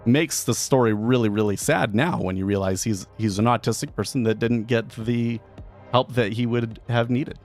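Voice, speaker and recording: A man's voice: mid-range voice, moderate pace, darkish tone, soft background music. A man talking casually on a live trading stream, rambling with frequent restarts and fillers.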